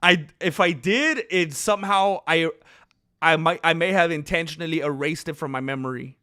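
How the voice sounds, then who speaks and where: A man's voice: fairly high pitch, normal speed, sharp tone, no room sound, studio quality. A man hosting a casual livestream, rambling conversationally and answering his chat. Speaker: livestream host.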